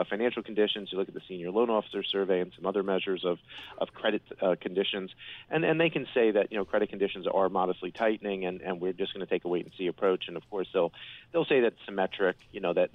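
Deep-voiced male analyst on a phone line. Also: no room sound. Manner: hesitant, many restarts. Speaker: guest analyst. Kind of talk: radio interview. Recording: dry tinny phone line.

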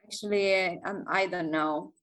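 Hesitant woman speaking slowly. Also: on the low side, steady tone, fairly bright tone, rough recording. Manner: hesitant, searching for words, laughs often. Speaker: podcast guest, singer. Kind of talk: casual interview chat.

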